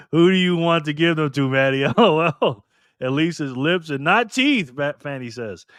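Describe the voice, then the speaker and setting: A man's voice: on the high side, animated, measured pace, long pauses, a bit bright, clean tone, no echo, clean studio sound. A man hosting a live stream in a casual chat style, reading viewer comments aloud, laughing often and cheering on players. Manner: laughs often, loose and playful.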